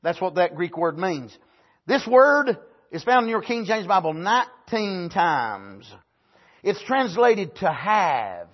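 A male preacher giving a sermon in church, stressing his points with frequent "amen"s, moving between loud, near-shouted emphasis and quiet explanation. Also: high voice, sing-song, slow pace. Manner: emphatic, punctuates phrases with "amen". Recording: dull lo-fi sermon recording.

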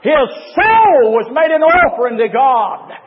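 High-voiced man preaching in an echoey hall. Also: sing-song, measured pace. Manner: impassioned, swings between shouting and low murmurs. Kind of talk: fervent sermon to a men's gathering. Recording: dull echoey hall recording.

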